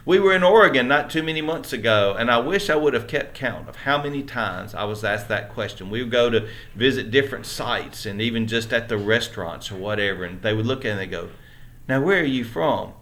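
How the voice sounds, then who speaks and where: Teaching a church Bible lesson, a Southern-accented man speaks fairly quickly with few pauses in a medium-pitched, slightly bright voice. He's earnest and conversational, restarting often and asking his listeners rhetorical questions.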